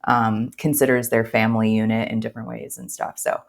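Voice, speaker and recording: Low-voiced chatty woman podcast host. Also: level tone, a little fast, creaky. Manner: chatty, fillers, laughs while telling. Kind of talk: casual podcast storytelling.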